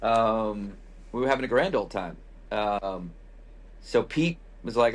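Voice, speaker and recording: Husky man telling a wry travel story. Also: on the low side, animated, unhurried, long pauses. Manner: loose, profane, wry anecdotes with quoted asides. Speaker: podcast host. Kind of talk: casual storytelling.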